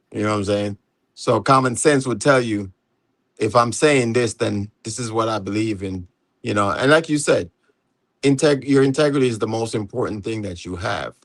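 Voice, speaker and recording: A man's voice: fairly low pitch, no echo. A man from Jamaica with a Jamaican accent, hosting a casual live panel chat in a laid-back way, dropping "you know" often and laughing easily. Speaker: host.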